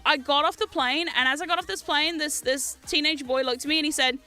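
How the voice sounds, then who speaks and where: Bright, animated New Zealand woman. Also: high-pitched, a little fast, soft background music. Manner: animated, swears freely, laughs often. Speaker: streamer. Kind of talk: casual livestream chat.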